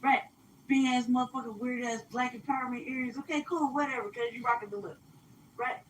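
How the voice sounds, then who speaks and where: A woman telling a story in casual chat, animated and profane, acting out what people said. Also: a little high, fairly quick, far from the mic, slight background noise, low-quality recording.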